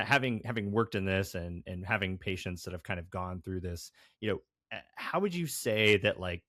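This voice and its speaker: A man's voice: sits low, fairly bright tone, dry recording, clean studio sound. A man hosting a podcast interview, asking questions casually and hedging with many filler words. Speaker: podcast host.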